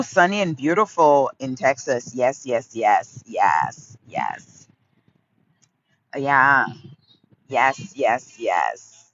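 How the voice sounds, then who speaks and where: A woman in her fifties from Haiti chats live with her viewers from a sunny park, calling them her loves. She speaks slowly and repeats her phrases fondly. The phone audio is dull and a little lo-fi. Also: extremely low pitch. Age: 50s. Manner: affectionate, repeats phrases, greets viewers by name. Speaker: livestream host. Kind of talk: casual live chat answering viewers. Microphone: phone livestream.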